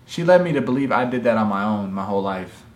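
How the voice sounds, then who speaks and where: A man's voice: lowish voice, expressive, fast talker. A young man in a casual, joking chat with his mother as a new parent. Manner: joking, teasing. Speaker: vlogger interviewing his mother. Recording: roomy with music behind.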